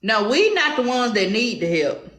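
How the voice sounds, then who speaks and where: Host, Southern woman, high bright voice, sassy and combative, echoey room. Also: sing-song, moderate pace. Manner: sassy, confrontational, drawling. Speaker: commentary show host. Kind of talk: heated commentary chat.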